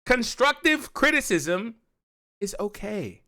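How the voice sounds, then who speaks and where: A gaming commentator man with a fairly high, bright and forceful voice. His pitch swings widely as he argues and rambles through his points. He repeats himself and goes off on asides in a casual, animated way. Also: fairly quick. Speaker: gaming youtuber. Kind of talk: opinion commentary on a mobile game.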